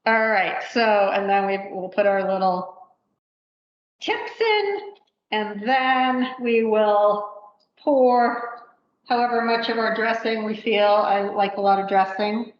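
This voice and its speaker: A woman leads a live cooking demonstration in a store's demo kitchen, talking casually and thinking out loud with many fillers. Her voice sounds roomy and slightly muffled, like lo-fi livestream audio. Faint background noise sits underneath. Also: medium pitch, slow pace. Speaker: cooking instructor.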